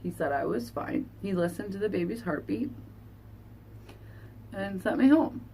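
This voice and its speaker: A woman vlogger telling a painful personal story in an earnest, halting, confessional way. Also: medium pitch, lively intonation, gravelly, dark tone, slight background noise. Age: adult. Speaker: beauty vlogger.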